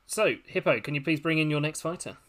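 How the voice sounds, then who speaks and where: A man's voice: a little high, fast talker, fairly bright tone. A man hosting a casual podcast game as referee, chatty and amused as he keeps things moving. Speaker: host and referee of a fantasy fight game.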